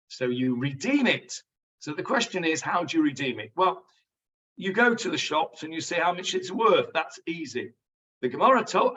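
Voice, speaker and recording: A man's voice: on the high side, a bit bright, distant mic. A man teaching a Talmud class over a video call, chatty and explanatory, on dull lo-fi audio from off the mic. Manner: chatty, explains Hebrew words to students. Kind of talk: online Talmud lesson.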